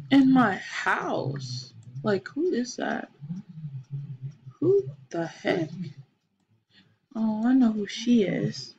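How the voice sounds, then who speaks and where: A young woman chatting excitedly to her viewers while playing a life-sim game, full of ums and gasps. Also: mid-range voice, muffled recording. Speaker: gaming channel host. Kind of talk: casual gameplay commentary. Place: bedroom at home, TV in another room.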